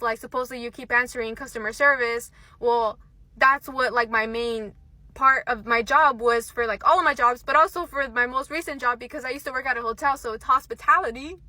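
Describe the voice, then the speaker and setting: Young woman, casual vent, bright high voice, dry close sound. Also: no echo. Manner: frustrated, heavy use of "like".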